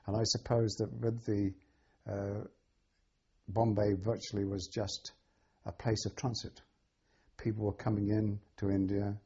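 An older man speaks in a deeply husky, somewhat low voice. He is interviewed about his memories and pauses often, filling gaps with ums and restarts. The recording sounds dull and lo-fi. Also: mellow. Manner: halting, with many ums and restarts. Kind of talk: oral history recollection.

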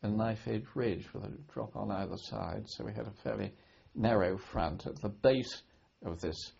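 Gravelly older British man, halting recollection. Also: lowish voice, a little mellow. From Britain. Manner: halting, many restarts and repeated words. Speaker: war veteran recalling his service. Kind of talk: oral history interview. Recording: dull lo-fi archive recording.

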